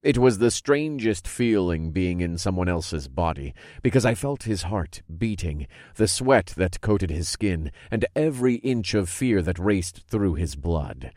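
A man narrating a dark fantasy story in the first person, steady and low-key. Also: measured pace, few pauses, no room sound, studio quality.

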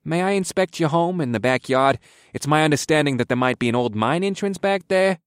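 A man's voice: on the high side, expressive, brisk, no room sound, clean studio sound, pitched above the performer's own voice, lightly acted. Man doing a nervous, apologetic inspector. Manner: apologetic, stammering.

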